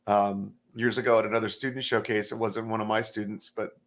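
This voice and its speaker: A middle-aged stand-up comedian chats casually on a podcast, telling relaxed stories and acting out the voices in them. His voice sits on the low side and moves fairly quickly, with a little hiss or hum in the audio.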